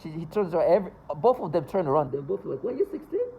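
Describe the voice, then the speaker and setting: A man's voice: a little high, very fast, vocal fry, dull audio, a little hiss or hum. A man talking to camera in a casual, rambling monologue, agitated and full of stumbles and restarts. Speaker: vlogger.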